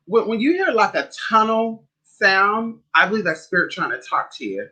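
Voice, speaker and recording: Sassy, very bright-voiced man chatting. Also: normal speed, slightly rough. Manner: sassy, chatty, calls viewers honey and girl; animated storyteller with big pitch swings. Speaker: spiritual advisor on a livestream. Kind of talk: casual livestream chat.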